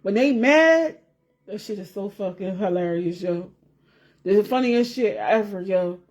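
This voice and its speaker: A woman's voice: medium pitch, lively intonation, a little slow, darkish tone. A woman vlogger chatting casually to her viewers, rambling and repeating herself, swearing freely and laughing as she talks. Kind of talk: casual chat to camera.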